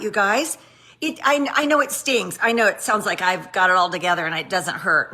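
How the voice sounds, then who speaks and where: A middle-aged woman with a bright, forceful voice gives an upbeat training talk. She is sassy and animated, exclaiming and addressing her listeners directly. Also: mid-range voice, moderate pace. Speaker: network marketing trainer.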